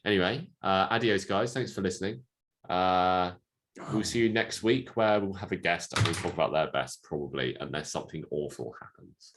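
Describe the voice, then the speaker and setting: A man's voice: low-pitched, moderate pace, fairly bright tone, a little hiss or hum. A man co-hosting a casual movie podcast, dry and teasing in a laid-back way. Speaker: podcast co-host.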